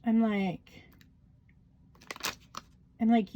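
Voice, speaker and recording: A woman's voice: medium pitch, fairly even intonation, measured pace, gravelly, long pauses, dark tone, dull audio, a little hiss or hum. Rambling woman vlogger, chatty storyteller. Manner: rambling storytelling with many fillers. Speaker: crafting vlogger. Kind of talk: casual chat while journaling.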